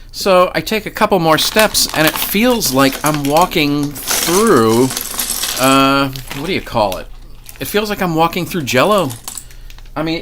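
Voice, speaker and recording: A man's voice: medium pitch, fairly bright tone, slight background noise. Rambling, profane male storyteller. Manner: profane, rambling, with frequent restarts. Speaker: vlogger. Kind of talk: casual paranormal storytelling.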